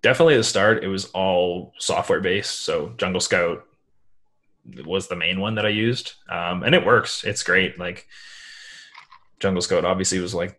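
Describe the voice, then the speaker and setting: A man, a guest talking casually in an interview, rambling with lots of fillers. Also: sits low. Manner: relaxed, rambling, many "like" fillers. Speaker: guest, online seller.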